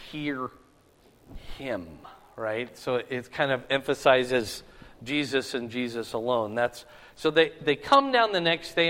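Checking in often with his listeners, a man gives an informal sermon that teaches verse by verse. His medium-pitched voice is a bit bright, and the recording has the long reverb of a hall.

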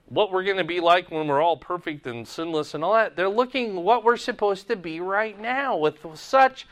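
Guy teaching bible study, kinda high voice, talks slow and asks the room stuff. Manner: asks the class questions, animated emphasis then quiet prayer. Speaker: pastor teaching a Bible class.

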